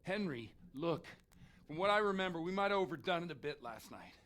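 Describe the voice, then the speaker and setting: Godwin, a hungover swearing priest. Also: male voice, on the high side, very animated, fairly quick, a bit bright. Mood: scheming. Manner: groaning, pleading, swearing. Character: hungover, foul-mouthed middle-aged village priest. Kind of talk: video game voice acting.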